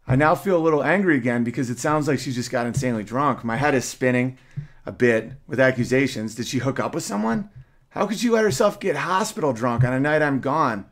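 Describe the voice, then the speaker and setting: Male host, mid-pitched, reads a personal story with earnest emotion. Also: lively intonation, brisk. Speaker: podcast host. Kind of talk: reading a personal story aloud.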